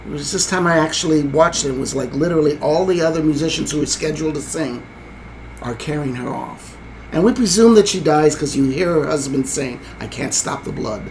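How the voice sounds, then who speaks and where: A man's voice: a little high, fairly quick, a little hiss or hum, low-quality recording. Rambling man retelling a film ending. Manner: rambling, hesitant storytelling with many fillers. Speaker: podcast co-host. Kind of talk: casual film discussion.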